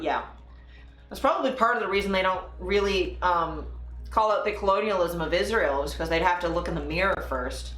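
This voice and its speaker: A woman's voice: medium pitch, fairly bright tone, reverberant. A woman hosting a live political commentary stream, reacting angrily with sarcasm and swearing. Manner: angry, profane, sarcastic. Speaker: political livestream host.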